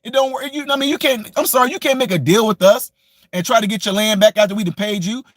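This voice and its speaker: Combative high-voiced man ranting. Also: quick pace, a bit bright, no room sound, studio quality. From United States. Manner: combative, mocking, repetitive. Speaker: political commentary vlogger. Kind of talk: ranting opinion monologue.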